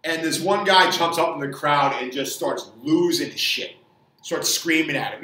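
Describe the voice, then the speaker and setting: A male fitness trainer rants angrily to camera in a forceful, tense voice that sits a little high for a man. He swears freely and trips over repeated words as he pushes his opinion. The sound is roomy and echoey, picked up from some distance off the mic. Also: moderate pace. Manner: angry, profane ranting with repeated words.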